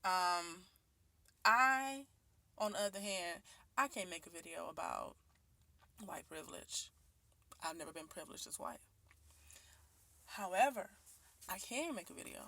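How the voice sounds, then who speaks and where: Here the Detroit woman, a vlogger in her late twenties, has a lowish voice with a sharp edge. She delivers a candid, earnest personal monologue into her phone, full of ums and false starts, both inside her home and out in the neighborhood.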